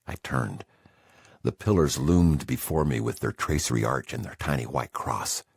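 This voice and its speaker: Super deep raspy guy reading a memoir, husky, lots of ups and downs. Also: expressive, normal speed, no echo, clean studio sound. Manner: intense, emotional first-person storytelling. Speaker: audiobook narrator. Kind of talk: scripted memoir narration.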